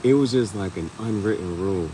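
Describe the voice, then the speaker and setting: Lower-voiced man telling animated, joking stories. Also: fairly quick, slight background noise, poor audio. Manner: animated storytelling, laughs often, leaps into high-pitched acted quotes. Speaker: podcast host. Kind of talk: casual comedic chat.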